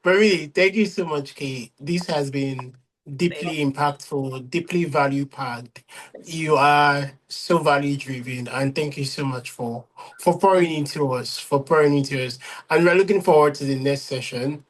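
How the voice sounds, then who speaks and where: A male host on a video call who praises his guest effusively and speaks in halting, repeated phrases. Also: a little high, a bit bright. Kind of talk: casual interview on a video call.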